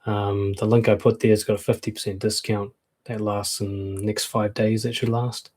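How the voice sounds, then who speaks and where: A man's voice: lowish voice, level tone, normal speed, a little mellow. A man, a dating and confidence coach, giving frank, conversational advice and acting out quoted comebacks. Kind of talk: casual advice talk to camera.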